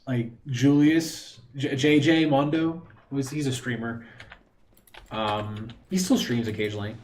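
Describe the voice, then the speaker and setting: A man's voice: medium pitch, measured pace. A man live-streaming from home into a desk microphone, rambling casually to his chat and laughing often.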